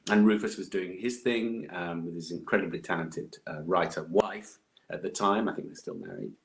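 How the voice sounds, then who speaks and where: A man talks as a podcast guest. His voice sits low, and he rambles through memories with plenty of fillers and restarts. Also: lively intonation, moderate pace, creaky. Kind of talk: casual interview chat.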